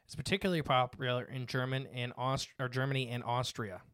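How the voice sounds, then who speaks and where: A man's voice: medium pitch, fairly even intonation, fairly quick, fairly bright tone, dry recording, clean studio sound. A man hosting a casual podcast, reading from notes with frequent fillers and restarts. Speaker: podcast host.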